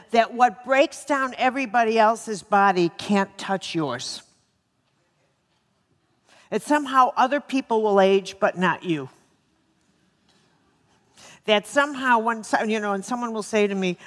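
Emphatic woman lecturing in a reverberant hall. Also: medium pitch. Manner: lively, joking with the audience, emphatic repetition. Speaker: speaker giving a talk on healing. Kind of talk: live lecture to an audience.

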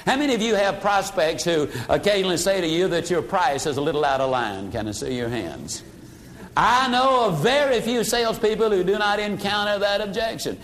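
Older guy giving a sales seminar, kinda high voice, folksy, drops low to make a point. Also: a bit bright. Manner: folksy, drops his voice for emphasis. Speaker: sales trainer. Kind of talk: motivational seminar talk.

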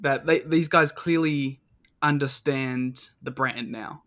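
A man with a mid-pitched voice guests on a podcast and talks matches in casual chat. He is enthusiastic but halting, and he leans on "like" as he works out his points. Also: fairly even intonation, fairly bright tone.

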